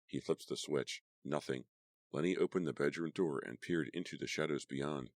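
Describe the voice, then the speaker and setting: A man with an extremely deep voice reads a horror audiobook in a dramatic, measured way. The sound is dry and close, with almost no room. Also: no room sound. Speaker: audiobook narrator. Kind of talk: scripted horror audiobook narration.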